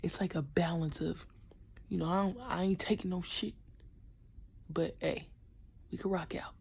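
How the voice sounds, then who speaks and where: A woman's voice: fairly low pitch, normal speed, vocal fry, husky. A young woman who coaches basketball, talking casually and with slang in a vlog, often half-whispering. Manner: animated, slangy, acts out kids' voices.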